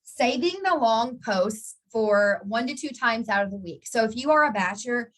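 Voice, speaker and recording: A woman's voice: a little high, animated, moderate pace, a bit bright. A woman giving a casual live training talk to her network marketing team, chatty and encouraging, often restarting and repeating words as she answers viewers by name.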